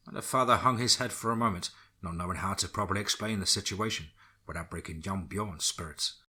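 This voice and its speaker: A man narrating a dark horror story in a steady storytelling manner. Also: a little fast, slightly rough. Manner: steady storytelling, drops low for grim lines.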